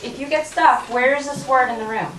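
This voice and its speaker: Woman teacher, high bright voice, patient and coaxing, heard from across a roomy classroom, noisy recording. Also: fairly quick, far from the mic. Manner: patient, coaxing, checks in with frequent "okay?". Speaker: first-grade teacher. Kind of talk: classroom reading lesson. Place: elementary school classroom.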